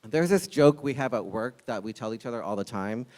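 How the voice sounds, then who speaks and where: A man in his forties, a longtime restaurant server, telling a live personal story with a candid, wry comic delivery and sharp punchlines. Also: mid-range voice, lively intonation, fairly quick.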